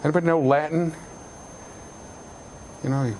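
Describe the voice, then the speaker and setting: A man's voice: on the high side, moderate pace, slight background noise. A middle-aged man giving a university classroom lecture, joking with students and raising his voice to stress points. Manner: animated, jokey, shouts for emphasis.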